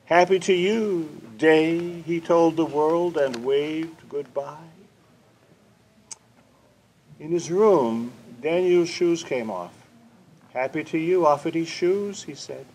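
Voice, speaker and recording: Captured in a poor-quality community TV recording with faint room noise, an older storytime reader at a library takes a picture book slowly in a fairly high, darkish voice. He adds playful sound effects and sing-song repetition, then talks with the children.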